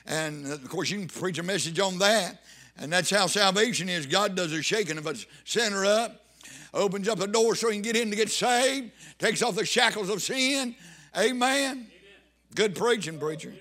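Preacher guy, high bright voice, fired up, keeps repeating himself. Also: expressive, moderate pace. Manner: fervent, emphatic, repeats phrases. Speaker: pastor. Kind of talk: sermon.

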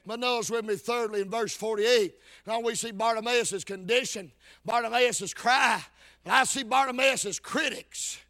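A man preaching a shouted revival sermon with a chanted cadence, folksy rural speech and frequent calls of "Amen". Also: extremely high pitch, moderate pace.

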